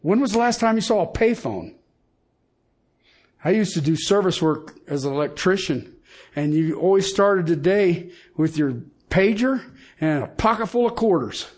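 A middle-aged man preaching a sermon in a folksy, emphatic way, swinging from loud points to hushed lines. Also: high voice, expressive, normal speed. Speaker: pastor.

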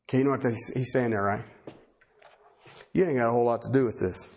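A man's voice: medium pitch, brisk, darkish tone. A man preaching a sermon, talking conversationally and emphatically and firing rhetorical questions at the congregation.

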